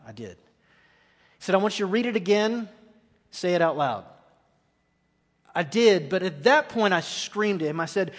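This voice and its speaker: A man preaching a guest sermon in a church, earnest and dropping to quiet intensity at key points. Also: high voice. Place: church sanctuary. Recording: long echoey hall reverb.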